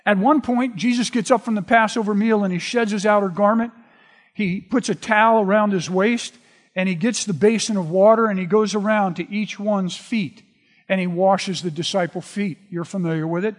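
A man preaching a sermon, retelling scripture in a relaxed, conversational storytelling way. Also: high-pitched, moderate pace. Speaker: pastor. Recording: long reverb of a large hall.

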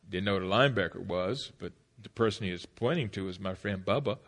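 A middle-aged man giving a speech to an audience, telling a personal story emphatically. His voice drops to a hush, then rises loud. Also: low voice, quick pace, hardly any pauses. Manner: emphatic, swings between hushed and loud. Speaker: motivational speaker.

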